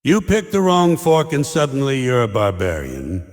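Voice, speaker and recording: A male stand-up comic delivers an exasperated, sarcastic rant, his pitch leaping high and diving low from line to line. He mocks others by slipping into short put-on quotes. The voice rings out with a long reverb tail, as in a large hall. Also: wildly swooping pitch, moderate pace, faint music behind. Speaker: comedian. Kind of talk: stand-up comedy monologue.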